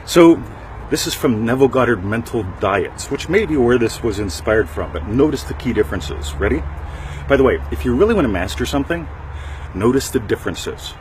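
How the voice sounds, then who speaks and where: A man's voice: mid-range voice, lively intonation, a little fast, a little mellow, slight background noise. A middle-aged man hosting a casual talk show, rambling and joking with frequent asides to his listeners. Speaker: podcast host.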